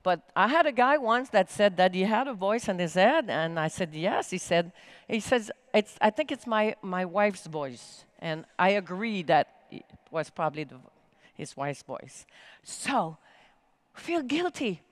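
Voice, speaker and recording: A woman in mid-range pitch gives an energetic, emphatic keynote talk. Her pitch swings widely for emphasis. The sound is dry and close. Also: measured pace, no room sound. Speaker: keynote speaker. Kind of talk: motivational stage talk. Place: conference main stage, live-streamed.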